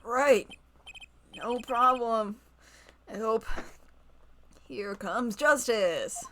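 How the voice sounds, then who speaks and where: A woman's voice: a little high, expressive, fairly bright tone, slight background noise, heavily acted. A woman reading aloud the part of an earnest, nervous young male defense attorney from a game. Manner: reads game dialogue aloud, slow and deliberate.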